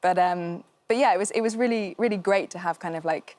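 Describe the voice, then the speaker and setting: A woman's voice: on the low side, fairly quick, a little mellow. A woman in her thirties, an actress guest chatting casually, full of fillers and ready laughter. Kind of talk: casual chat.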